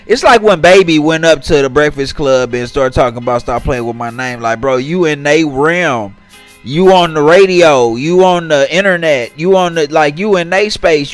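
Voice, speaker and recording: Man, slightly high voice, casual commentary, faint music behind. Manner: talks straight to viewers, reads tweets aloud and mocks them. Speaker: commentary channel host.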